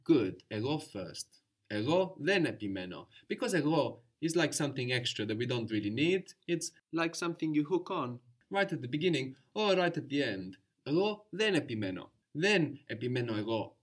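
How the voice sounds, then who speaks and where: Male teacher, calm and patient, walks a student through phrases step by step. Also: medium pitch, normal speed. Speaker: language teacher. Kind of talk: guided language lesson.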